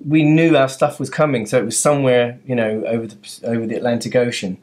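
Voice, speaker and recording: A man's voice: mid-range voice, fairly even intonation, quick pace, a little mellow. Easygoing man chuckling along. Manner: easygoing, chuckling, short replies. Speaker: co-host, musician. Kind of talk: casual chat.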